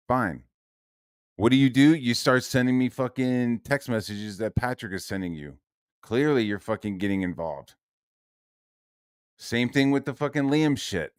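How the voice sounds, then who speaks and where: A man's voice: medium pitch, clear, resonant tone, no room sound, studio quality. A man streaming an angry, profane rant, constantly checking in with "right?" and "dude". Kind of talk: angry ranting stream monologue.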